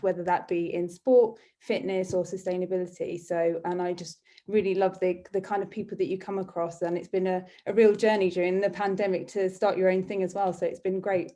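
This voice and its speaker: A woman's voice: on the low side, warm tone. A woman in her thirties answering interview questions over a video call, chatty and upbeat. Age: 30s. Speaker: guest, brand and design expert.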